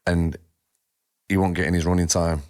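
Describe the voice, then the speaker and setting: A man's voice: deep voice, normal speed. A man telling stories in casual podcast chat, swearing freely and acting out what people said. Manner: animated storyteller, swears freely, acts out dialogue. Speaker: podcast co-host.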